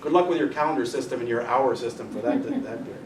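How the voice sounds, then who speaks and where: A man's voice: medium pitch, animated, quick pace, crowd noise. Chatty male teacher in an echoey room. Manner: chatty, directs helpers, jokes with the audience. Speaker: physics teacher giving a club talk. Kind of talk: informal astronomy lecture with a live demonstration. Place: meeting room with an audience. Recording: echoey room, mic far off, faint noise.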